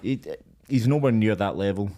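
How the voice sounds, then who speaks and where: A man's voice: lowish voice, normal speed, mellow. A man co-hosting a podcast, chatting casually about football, laughing often and swearing casually. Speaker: podcast co-host.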